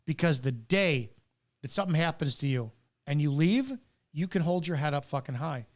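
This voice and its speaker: A man's voice: fairly high pitch, animated, moderate pace. A middle-aged man, a retired police officer, delivering a bitter, profane, preachy rant with hard stressed words. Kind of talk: ranting monologue to camera.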